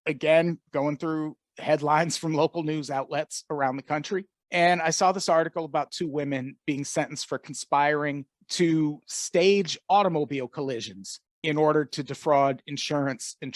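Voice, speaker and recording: A man's voice: a little high, dry recording, studio quality. A man co-hosting a comedy podcast, retelling odd news stories in a casual, laughing way. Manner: storytelling, laughs often. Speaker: podcast co-host.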